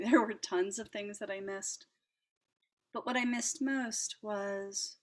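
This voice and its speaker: A middle-aged woman with a mid-range voice hosts a reflective talk about the heart. She's chatty and gentle, laughing lightly and slipping into soft asides.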